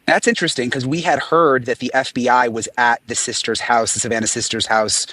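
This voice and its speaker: Fast-talking male reporter, skeptical. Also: mid-range voice, steady tone, sharp tone. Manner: quick, skeptical, stumbling restarts. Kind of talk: casual discussion of a news case.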